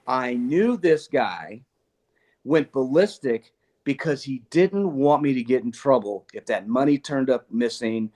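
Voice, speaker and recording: An older man, a retired police chief, talking casually and earnestly about leadership and parenting. He tells stories with an animated delivery, laughs often and restarts his sentences. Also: medium pitch, measured pace. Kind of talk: casual conversational storytelling.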